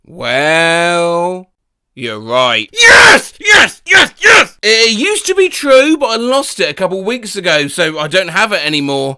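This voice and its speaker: Man, comedy host, bright forceful tone, very lively pitch, loud bursts and dry mumbles. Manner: animated, jumps between loud outbursts and dry mumbles. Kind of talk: comic sketch and reading out funny quotes.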